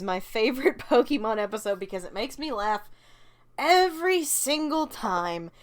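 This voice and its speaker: A woman's voice: a little high, a bit bright. A woman hosting her channel, answering fan questions in a casual, opinionated rant and laughing often.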